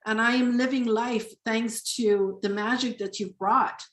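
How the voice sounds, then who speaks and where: A woman's voice: on the high side, steady tone, a little slow, roomy sound. A woman in her forties giving an earnest, emphatic testimonial over a video call, often repeating herself for emphasis. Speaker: community member sharing a testimonial.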